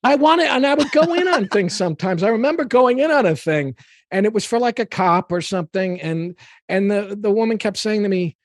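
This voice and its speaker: A middle-aged man, a guest actor, telling stories in an animated, profane casual chat with many restarts. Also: sits high, brisk, no room sound, studio quality.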